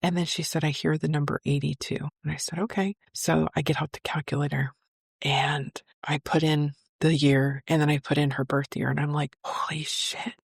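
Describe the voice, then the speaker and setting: A middle-aged woman recounts a personal story in a chatty, heartfelt way, acting out the voices she quotes. Her voice has a gravelly, creaky texture. The sound is dry and close. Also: low-pitched, moderate pace, dry recording. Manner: emotional, chatty, lively retelling with quoted voices. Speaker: psychic medium vlogger.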